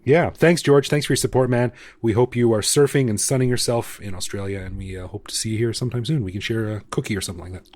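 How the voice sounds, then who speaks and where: Male podcast co-host, rapid and playful, dry close mic. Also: medium pitch, no room sound. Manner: jokey, animated. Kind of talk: casual chat. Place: living in Bangkok.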